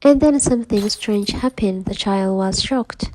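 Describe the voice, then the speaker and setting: A woman's voice: medium pitch, unhurried, very noisy. A woman narrating the story of a game in a plain retelling style, voicing the characters' lines herself. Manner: plain retelling with quoted dialogue. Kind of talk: storytelling over gameplay.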